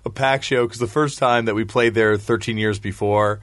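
A man's voice: lowish voice, steady tone, normal speed, no room sound. Rambling man telling stories. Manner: rambling anecdotal storyteller, laughs often. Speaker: podcast guest, musician. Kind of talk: casual chat.

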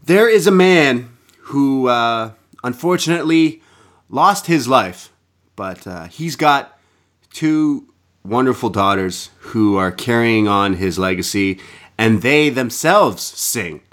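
A man imitating an older male country singer making a slow, solemn stage announcement. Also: medium pitch, expressive, fairly bright tone.

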